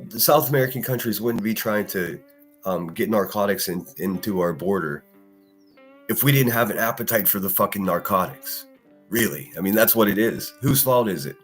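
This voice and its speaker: A man with a very low voice, cursing and ranting as he hosts a solo podcast stream. He talks heatedly and answers viewers' chat comments between tirades. Soft guitar music plays quietly underneath. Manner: profane, heated, combative. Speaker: live-stream podcast host.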